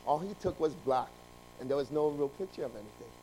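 A man preaching, telling a long story with lively ups and downs of loudness and frequent restarts. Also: a little high, fast talker, slight background noise, rough recording. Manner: animated, jumping between loud emphasis and quiet asides. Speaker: pastor. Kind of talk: sermon with storytelling.

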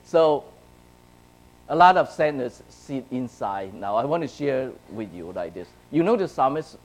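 In a mid-range voice and a slightly slow pace, a man from China tells young people a story from his own life while preaching as a youth speaker. He alternates animatedly between quiet and loud, often checking in with "right?" or "okay?" The audio is poor.

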